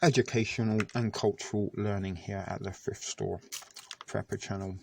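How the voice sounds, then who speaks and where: A man's voice: fairly low pitch, steady tone, normal speed, gravelly, noisy background. A man casually reviewing food on camera, chatty and self-deprecating, sometimes talking with his mouth full. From Canada. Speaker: vlogger reviewing military rations.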